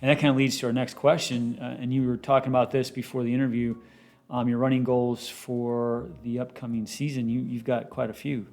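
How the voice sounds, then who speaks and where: A man's voice: mid-range voice, level tone, a little fast, vocal fry, a little mellow. A man hosting a running club podcast, speaking conversationally and giving brief encouraging responses. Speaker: podcast host. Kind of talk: conversational interview.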